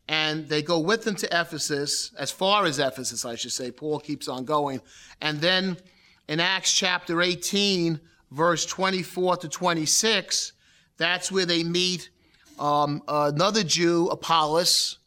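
A man's voice: a little high, sharp tone. A man teaching a lecture on Bible history, explaining in a conversational way, repeating points and reading scripture aloud.

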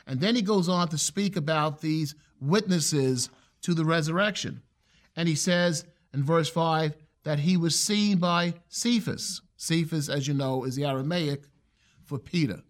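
A man teaching verse by verse through a Bible passage in an earnest, emphatic way. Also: on the high side. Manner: earnest, emphatic with shifts in pace. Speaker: preacher.

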